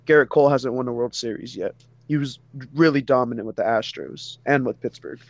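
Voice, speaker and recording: Regular-pitched guy on a sports podcast, dry sound, says "you know" a lot. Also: fairly quick, no echo, dull audio. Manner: loose, conversational, lots of "you know". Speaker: podcast co-host. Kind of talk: casual sports podcast chat.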